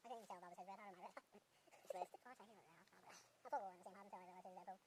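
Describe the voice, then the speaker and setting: A woman's voice: medium pitch, steady tone, racing, darkish tone, slight background noise, low-quality recording. A woman chatting and telling ghost stories outdoors at night, laughing and swearing.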